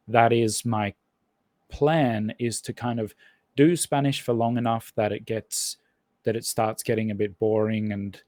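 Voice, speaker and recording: A man's voice: lowish voice, a little mellow, no echo. A man as a podcast guest in casual conversation, rambling and thinking aloud with lots of restarts. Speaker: podcast guest, language learner.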